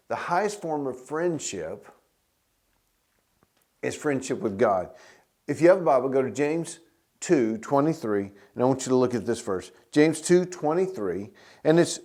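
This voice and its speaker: A pastor preaching a sermon, telling stories in a loose conversational way with restarts, and getting loud when he reads scripture. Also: mid-range voice.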